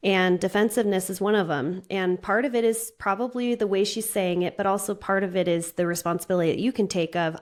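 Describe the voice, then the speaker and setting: Brief: middle-aged female therapist, mid-pitched, lays out ideas plainly with examples. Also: steady tone, fast talker, few pauses. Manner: clear, explains step by step with examples. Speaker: marriage therapist, guest. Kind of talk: explanatory interview talk.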